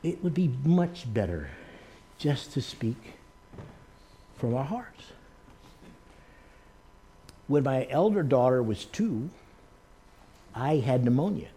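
An earnest male pastor preaching, his voice sitting at an ordinary middle pitch. He speaks in a lively storytelling manner, leaning into each anecdote. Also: slow pace, long pauses. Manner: earnest storytelling, acting out the people he quotes. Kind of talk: sermon with personal stories.

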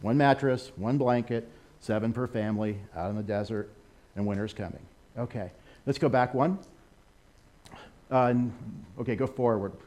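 An American man giving a sermon over a slideshow, animated, with laughing asides and excited exclamations. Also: mid-range voice, moderate pace, pauses often. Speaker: missionary speaker.

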